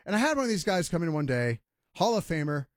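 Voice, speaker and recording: A man's voice: a little high, very animated, fast talker, dry recording, studio quality. A man hosting a sports talk radio show, ranting emphatically and mocking others in voiced quotes.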